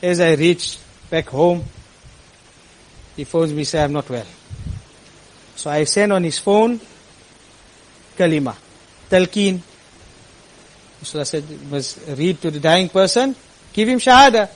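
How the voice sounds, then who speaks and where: Imam, high tenor-ish voice, earnest sermon storyteller, surges into impassioned peaks. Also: male voice, animated, unhurried, long pauses, low-quality recording.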